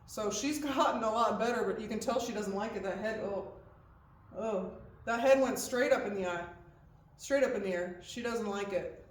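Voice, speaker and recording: A woman's voice: medium pitch, moderate pace. A woman horse trainer giving hands-on instruction, explaining each step and checking in with "okay?" as she goes. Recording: echoey, distant mic with faint background noise.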